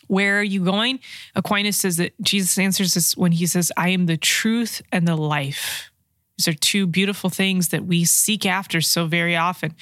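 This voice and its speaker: A woman's voice: medium pitch, a bit bright, dry recording. Woman reflecting on scripture, dry sound. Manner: reflective, reads scripture aloud and unpacks it. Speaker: Bible teacher.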